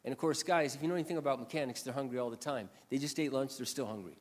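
A man preaching a sermon in a storytelling way, animated and swinging between loud passages and quiet asides. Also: mid-range voice, racing, in a large hall. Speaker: pastor.

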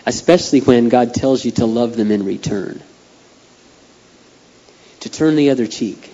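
A middle-aged man preaching a heartfelt sermon, dropping to a hush and then rising to loud pleading. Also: medium pitch, measured pace. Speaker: pastor. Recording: dull lo-fi sound.

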